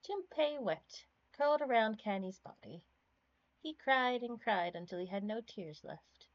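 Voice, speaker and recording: A woman streamer reads a game's narrative text aloud, slow and measured. Her voice is dry and close, with no room sound. The audio is a little dull and lo-fi. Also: medium pitch, animated, no room sound. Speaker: streamer reading game text.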